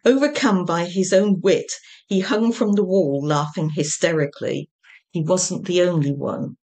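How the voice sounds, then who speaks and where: A woman, an author, reading an extract from her own comic novel in a deliberate, wry narrating manner. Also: fairly low pitch, darkish tone.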